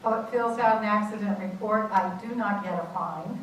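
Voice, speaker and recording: A woman in her eighties performing a one-woman theatre monologue, telling a road-trip story with animated, dramatic delivery. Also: mid-range voice, moderate pace. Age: 80s. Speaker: solo stage performer. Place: theatre stage. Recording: roomy distant stage recording, faint noise.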